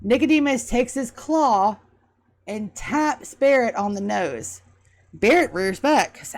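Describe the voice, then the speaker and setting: A woman narrating a tabletop game as game master in a chatty, lively way. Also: a little high, takes it slowly, no room sound.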